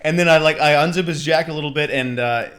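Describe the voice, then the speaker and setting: A man's voice: a little high, quick pace, a bit bright. A young man co-hosting a podcast, telling a story in an enthusiastic way with frequent laughter. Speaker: podcast co-host. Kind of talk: casual storytelling chat.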